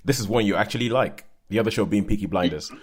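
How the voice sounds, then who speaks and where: A man's voice: fairly low pitch, fast talker, darkish tone, husky. A man hosting a podcast, chatting casually and teasing his co-host with frequent laughs. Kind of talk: casual chat.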